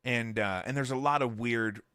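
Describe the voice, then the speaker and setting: Male podcast host, bright crisp tone, dry close sound, loose joking chatter. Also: medium pitch, normal speed, no room sound. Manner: rambling, jokey, full of fillers. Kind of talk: casual chat.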